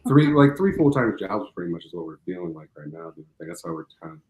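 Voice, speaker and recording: A man guest in casual chat, animated and acting out quotes as he talks. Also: low-pitched, quick pace. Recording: echoey room.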